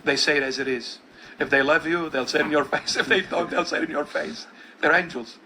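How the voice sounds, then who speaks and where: A man giving earnest, fervent testimony and preaching, repeating key lines for emphasis and dropping low and soft on solemn words. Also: fairly even intonation, a little fast, a little hiss or hum, low-quality recording.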